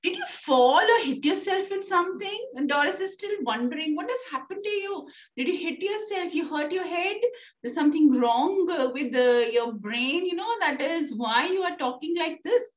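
A woman's voice: expressive, moderate pace. Fretful, whiny young daughter, read aloud by a woman teacher with an Indian English lilt, heard far off in a roomy space. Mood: alarmed. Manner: high, questioning, fretful. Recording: distant, roomy, dull sound.

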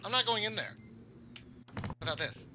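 A man's voice: high voice, lively intonation, moderate pace, noisy background. A man giving casual, profane commentary while playing a horror game, joking and reacting aloud. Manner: profane, swearing often. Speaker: gaming YouTuber. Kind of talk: casual Let's Play commentary.

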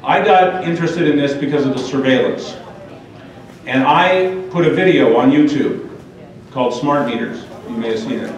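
A man giving an impassioned public talk at a forum, speaking emphatically and addressing the audience directly. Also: mid-range voice. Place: large echoey hall. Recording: dull, echoey, far-off hall recording.

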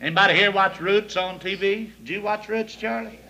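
A man's voice: high voice, fairly quick, heavy background noise. A man doing a crude stand-up routine, laughing at his own jokes before a live audience. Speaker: stand-up comedian.

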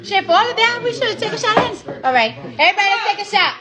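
A woman hosting a livestream at a party, loudly swearing and urging everyone to drink, with a party crowd behind her. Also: very high voice, sing-song, quick pace. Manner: loud, swearing, egging others on. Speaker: live stream host at a party. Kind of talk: rowdy casual party chat.

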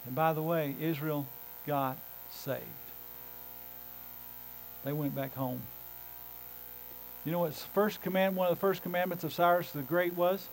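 High-voiced man preaching with emphasis. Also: steady tone, a little slow, pauses often, a little hiss or hum, poor audio. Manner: emphatic, swinging between loud calls and hushed low phrases. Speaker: pastor. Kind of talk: sermon. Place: church sanctuary.

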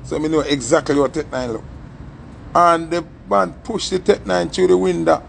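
A young man with a Jamaican accent telling a story in a casual, animated way and acting out the voices in it. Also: on the high side, normal speed, creaky, a little hiss or hum. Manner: animated, acts out the story's voices, patois-heavy.

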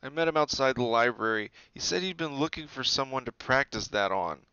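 A man's voice: medium pitch, expressive, fairly quick, bright, forceful tone, clear, resonant tone, dry recording, highs cut off, voice pushed up. A man voicing a timid, shaky young schoolboy who mumbles in a storybook reading.

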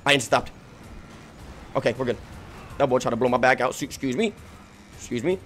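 A man giving frantic, profane gameplay commentary, yelling, laughing and trash-talking while he plays, his voice giving out. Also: mid-range voice, brisk, pauses often, background noise. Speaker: gaming streamer.

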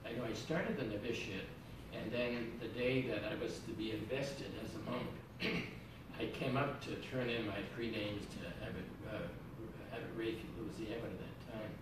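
An older monk telling stories from his life in a casual, halting way, with fillers and laughs. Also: on the low side, steady tone. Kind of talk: casual storytelling. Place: room in an abbey building. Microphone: live-stream camera at a distance. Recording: echoey room, distant mic, noisy.

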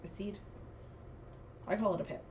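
A young woman vlogger chatting casually, reading quiz questions aloud and thinking out loud about her answers. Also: normal speed, lo-fi sound, a little hiss or hum.

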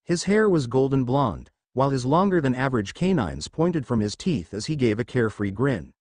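A man's voice: mid-range voice, big pitch swings, normal speed, a little mellow, no echo. A man reading a fanfiction adventure aloud as narrator, voicing every character in much the same voice.

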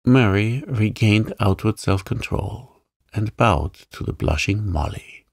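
Give me a soothing male sleep-story narrator with a low, gravelly voice. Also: lively intonation, slow, few pauses, dry recording, studio quality. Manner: soft-spoken, soothing. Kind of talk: calm bedtime story reading.

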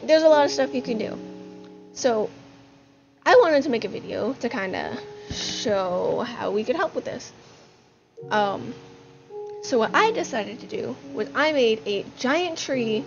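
Breathless female gaming host, a bit high, chatty, dull recording. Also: lively intonation, unhurried, pauses often. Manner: chatty, upbeat, with fillers. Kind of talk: casual gaming narration. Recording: dull lo-fi sound with music behind. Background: music.

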